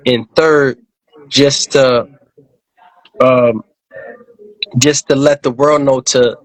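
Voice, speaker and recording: A man hosting an interview who asks long, halting questions full of fillers and repeats, and keeps affirming the guest. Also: mid-range voice, dry recording, poor audio. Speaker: interview host. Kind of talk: casual interview.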